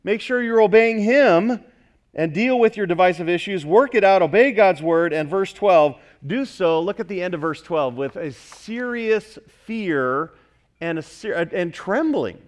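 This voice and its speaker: Man, pastor, high voice, emphatic sermon delivery, repeats key lines, loud then hushed. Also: expressive, measured pace.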